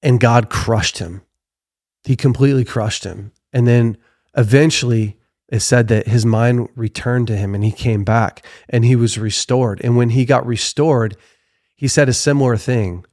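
A man's voice: medium pitch, steady tone, a little slow, darkish tone, dry recording, studio quality. A man giving conversational faith teaching as a podcast guest, earnest, reading scripture aloud and often correcting himself mid-phrase.

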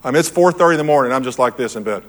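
A man's voice: medium pitch, expressive, rapid-fire. A man preaching to a room, telling a personal story in an earnest, storytelling way and repeating his key phrases. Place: church hall with audience.

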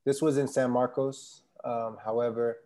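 A man's voice: mid-range voice, level tone, normal speed, dark tone. A man chatting casually as a podcast guest, laid-back and rambling with many fillers. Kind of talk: casual conversation.

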